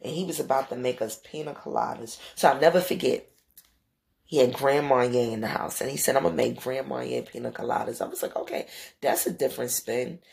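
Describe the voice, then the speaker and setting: Gravelly-voiced New woman storytelling. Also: fairly quick. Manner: animated, profane, acts out quotes with big pitch jumps. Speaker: podcast host. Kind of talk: casual storytelling monologue.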